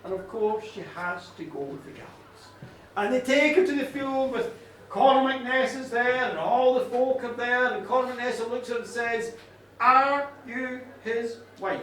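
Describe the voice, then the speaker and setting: A man's voice: very high-pitched, normal speed, fairly bright tone, a little hiss or hum. A man telling an old myth live to an audience in a pub, with chatty asides. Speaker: storyteller. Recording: echoey pub room from far off. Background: faint room ambience.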